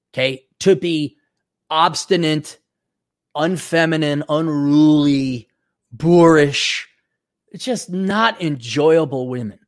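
A middle-aged man hosting a podcast, delivering an opinionated, sardonic monologue with mocking asides. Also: a little high. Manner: sardonic, mocking, with put-on voices. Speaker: podcast host.

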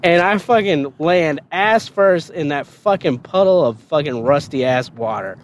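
A man with a high speaking voice tells a rowdy story about his past. He swears freely, breaks into laughter, and jumps up in pitch to play the other voices in his tale. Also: lively intonation, a little slow, a little hiss or hum. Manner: laughing, swearing, acts out quotes in a higher voice. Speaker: podcast host telling a story. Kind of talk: casual storytelling.

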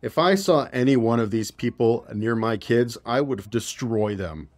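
A man's voice: mid-range voice, lively intonation, a little slow. A man hosting a political podcast, reading news stories aloud and reacting with exasperated, profane commentary. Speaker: podcast host.

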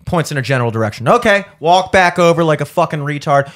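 A man's voice: a little high, animated, fast, fairly bright tone. A man hosting a podcast, telling a heated, sweary story and ranting with mocking asides. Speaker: podcast host.

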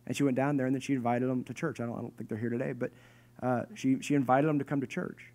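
A pastor in his thirties or forties preaching a sermon to his church, conversational and animated, with joking asides. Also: mid-range voice, fast. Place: church hall with congregation.

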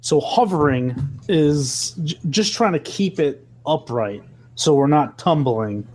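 A man's voice: a little high, expressive, slow pace, a little mellow. A man playing a tabletop role-playing game, thinking aloud hesitantly about his moves. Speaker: player.

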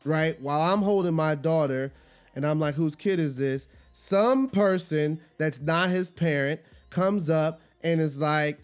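A man's voice: a little high, clear, resonant tone, soft background music. Emphatic man telling a story. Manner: emphatic, slows down to stress words when upset. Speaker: podcast host. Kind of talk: personal storytelling monologue.

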